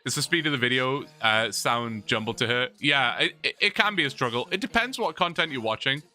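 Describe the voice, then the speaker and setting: A man's voice: medium pitch, lively intonation, a little fast, pushed and bright, faint music behind. A young man chatting casually on a long livestream, rambling, reading chat and laughing often, his mouth sore from talking.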